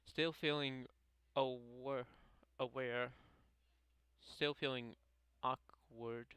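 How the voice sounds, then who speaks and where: A man reading a visual novel aloud in a casual playthrough, halting and stumbling over names as he corrects himself. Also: medium pitch, fairly even intonation, fairly bright tone, smooth, dry recording, poor audio. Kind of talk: casual game playthrough narration.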